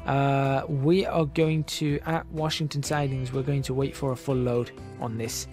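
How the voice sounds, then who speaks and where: A man's voice: mid-range voice, level tone, measured pace, over music. A man casually commentating on a strategy game, thinking aloud and correcting himself as he goes, his voice drifting in and out from the microphone. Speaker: gaming channel host. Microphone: desk microphone, voice drifting in and out.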